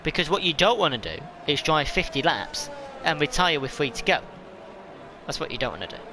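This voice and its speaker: A man's voice: on the high side, sing-song, a little fast, noisy background. A man giving live, chatty commentary on a sim race, rambling and laughing at himself.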